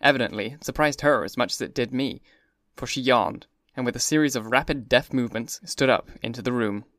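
A man giving a measured, even first-person reading of a classic novel. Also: medium pitch, no room sound, studio quality. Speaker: audiobook narrator. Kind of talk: scripted first-person narration.

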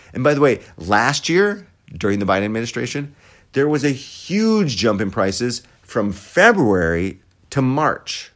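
A man's voice: medium pitch, big pitch swings, slow pace, fairly bright tone. A man hosting a podcast, giving sarcastic, profane commentary. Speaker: podcast host. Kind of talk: opinionated commentary.

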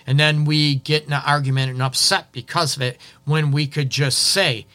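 A man's voice: fairly high pitch, steady tone, normal speed, few pauses, bright, forceful tone. A man hosting a relationship advice show, talking casually and often checking in with "right?". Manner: chatty, repeats "right?", acts out little quotes. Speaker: relationship counselor and show host.

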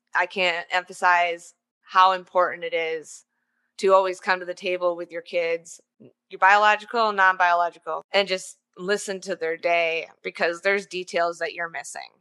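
A woman, likely in her thirties, hosting a podcast and telling a personal story in a chatty, animated way with joking asides. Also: fairly low pitch, clean tone. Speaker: podcast host.

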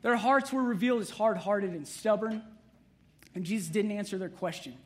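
A man's voice: high-pitched, moderate pace. A man, preaching a conversational sermon with humorous asides to the congregation. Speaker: pastor.

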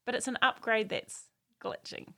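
A woman explaining teen development in lively conversation, laughing often and acting out quotes. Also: moderate pace. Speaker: parenting expert guest. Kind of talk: explanatory chat.

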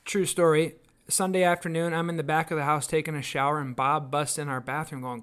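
Earnest man telling stories, higher voice. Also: level tone, a little fast, fairly bright tone, smooth. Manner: earnest storytelling, acts out quoted voices. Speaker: podcast co-host. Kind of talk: casual devotional chat.

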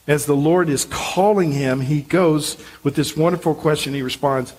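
A man's voice: fairly high pitch, normal speed, hardly any pauses, a little mellow, slightly rough, rough recording. A male pastor preaching a sermon in an earnest, emphatic, encouraging way.

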